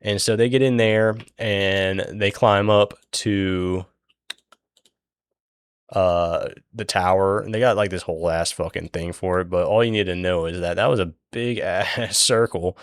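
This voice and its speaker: A man's voice: sits low, steady tone, unhurried, clean tone, dry recording, clean studio sound. A young man recapping a book in a casual, rambling way, swearing often and filling his talk with "like" and "um". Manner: rambling, profane, many fillers.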